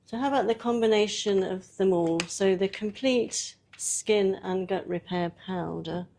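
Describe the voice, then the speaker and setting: A woman's voice: mid-range voice, a little mellow. A woman leads a live workshop demonstration in a chatty, easygoing way. She talks a volunteer through each step and laughs often as she goes. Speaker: workshop presenter.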